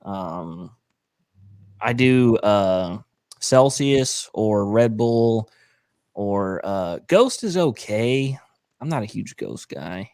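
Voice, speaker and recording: Man, co-host, low voice, rambling, laughing, slangy, dry mic. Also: lively intonation, extremely slow, darkish tone, no room sound. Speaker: podcast co-host and roof cleaner. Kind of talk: casual podcast chat.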